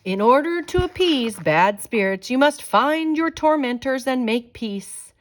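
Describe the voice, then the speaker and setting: A woman's voice: sits high, expressive, a little slow, voice pushed up. A woman voicing a clever young female hyena who speaks with commanding authority. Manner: commanding, solemn. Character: clever young girl hyena posing as spirit.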